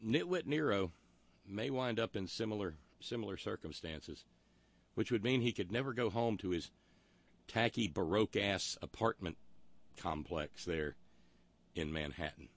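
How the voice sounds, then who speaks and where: A man's voice: fairly low pitch, unhurried, dry recording. A man hosting a talk show, delivering a wry, rambling monologue full of historical asides. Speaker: radio talk show host.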